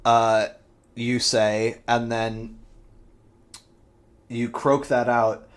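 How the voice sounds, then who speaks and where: A man's voice: mid-range voice, flat delivery, drawn-out words. A man narrating as game master, casual and vivid, with frequent swearing and fillers.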